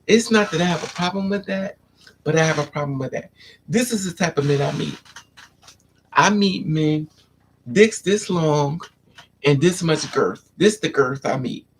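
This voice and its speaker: At a moderate pace, a woman runs a blunt, sassy livestream monologue, calling listeners "honey" and "child" as she tells her stories. Her delivery is lively, and she jumps into dramatic high-pitched voices for other characters. A little background noise is audible.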